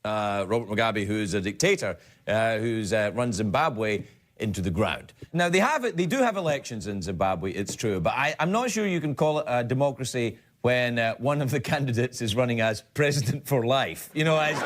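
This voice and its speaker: A man's voice: medium pitch, big pitch swings, fairly quick, fairly bright tone, slight background noise. A middle-aged man from Glasgow, Scotland, with a Scottish accent, delivering a rambling late-night comic monologue and laughing at his own jokes. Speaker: late-night talk show host.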